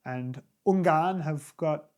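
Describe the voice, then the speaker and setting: A man's voice: fairly high pitch, slow pace, darkish tone. Enthusiastic man hosting a casual chat. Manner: enthusiastic, musing, trails off. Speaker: host and tour guide.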